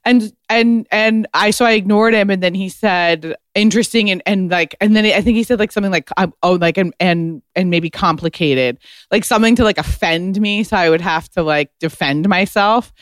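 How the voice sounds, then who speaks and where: A woman guest spills a story in a loose, animated podcast chat, leaning on "like" constantly. Her tone is smooth and resonant. The sound is dry and close, with no room echo. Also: medium pitch, fairly quick, few pauses. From United States. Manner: chatty, heavy use of "like", animated retelling.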